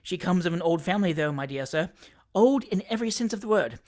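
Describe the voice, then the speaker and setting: Heard first is a fussy little attorney who keeps soothing and wheedling, as a reader puts him on for an audiobook. His pitch swoops up and down with lively ease. He is an ingratiating, bustling man of the law. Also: quick pace, lightly acted. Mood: coaxing. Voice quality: soothing, wheedling, keeps repeating "my dear sir". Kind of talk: audiobook character reading.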